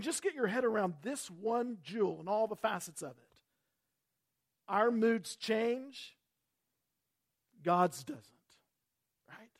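A pastor with a notably high voice delivers a sermon with dynamic swings. He rises to loud, emphatic peaks and sinks to quiet, intimate phrases. He talks straight to his listeners and repeats key words for weight.

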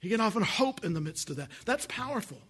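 A man's voice: sits high, big pitch swings, fast talker, a bit bright, breathy edge. A man preaching a sermon as pastor, earnest and full of rhetorical questions.

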